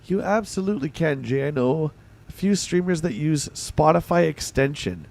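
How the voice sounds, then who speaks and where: A man hosting a livestream in casual chat, his voice hoarse and gravelly, bantering excitably with his viewers. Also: fairly high pitch, normal speed. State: hoarse, voice going. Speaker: livestream host.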